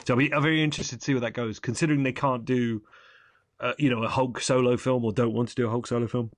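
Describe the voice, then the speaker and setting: A man's voice: mid-range voice, fairly even intonation, fast talker, no echo. Wry rambling man, dry recording. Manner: rambling, self-correcting, wry. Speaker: podcast co-host. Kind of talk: casual film review chat.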